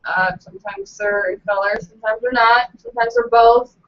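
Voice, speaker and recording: A woman's voice: on the high side, fairly even intonation, normal speed. Dry offhand woman, distant on lo-fi audio. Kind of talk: casual live chat. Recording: lo-fi audio, voice off-mic.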